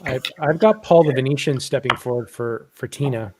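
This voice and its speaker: A man speaks gently and reflectively on a video call, his voice sitting in a middle pitch. He talks through a spiritual vision with many pauses and fillers. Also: slight background noise. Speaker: channeling participant.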